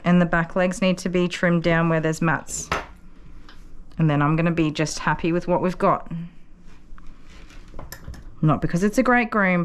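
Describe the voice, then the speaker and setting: A woman working as a dog groomer, chatting to viewers and explaining each step as she works, with soft cooing asides to a puppy. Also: low voice. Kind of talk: casual vlog narration while working.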